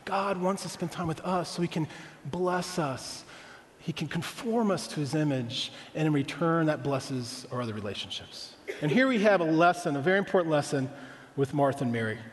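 A man with a high voice preaches as pastor, keeping it conversational and tossing rhetorical questions to the congregation. His words ring out with a long echo around a large hall. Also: moderate pace. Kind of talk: sermon.

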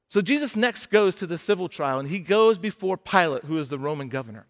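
Man, high voice, sermon, casual storytelling preacher, voices the characters. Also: animated, fairly quick. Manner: conversational storytelling, acts out the characters' lines. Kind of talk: sermon retelling a scripture passage.

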